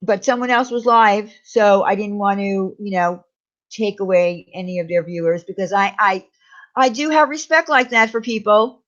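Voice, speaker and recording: Slightly dull lo-fi audio carries a woman's mid-range voice, fairly even in intonation and moderate in pace. She's running a casual stream, reading viewer comments aloud and chatting warmly, greeting chatters by name.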